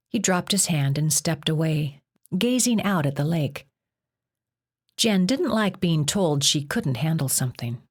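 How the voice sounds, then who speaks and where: A woman narrating an audiobook in an even, measured reading style. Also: low voice. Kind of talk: scripted narration.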